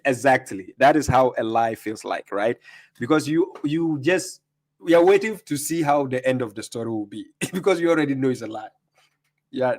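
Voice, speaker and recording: Man, live stream host, casual, chatty, greets viewers, laughs a lot. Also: mid-range voice. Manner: conversational, greets viewers by name, laughs often.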